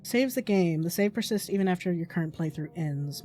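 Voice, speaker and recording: A woman's voice: lowish voice, animated, fairly quick, a little mellow, soft background music. A woman streamer giving casual gameplay commentary in a chatty manner. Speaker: game streamer.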